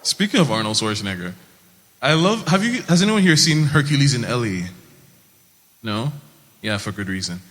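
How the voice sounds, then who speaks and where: A young man from Nigeria with a Nigerian accent, doing a stand-up set in a wry, deadpan way. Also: medium pitch, moderate pace, long pauses. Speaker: stand-up comedian. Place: comedy stage. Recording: reverberant live stage.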